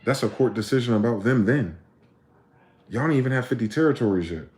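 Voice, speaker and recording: A man's voice: mid-range voice, animated, brisk, a little mellow. A man delivering an impassioned, profane solo rant, firing off rhetorical questions. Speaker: vlogger. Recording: echoey room.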